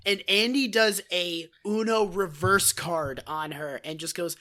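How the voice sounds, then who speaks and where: A woman's voice: fairly low pitch, measured pace, hardly any pauses, bright, forceful tone. A woman in casual podcast chat, talking in a hesitant, sardonic way. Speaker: podcast co-host.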